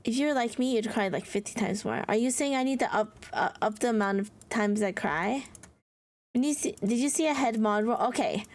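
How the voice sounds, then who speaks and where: A woman's voice: on the high side, fairly quick. A woman streamer in casual livestream chat, playful and giggly as she answers her viewers, with mock-whiny dramatic teasing.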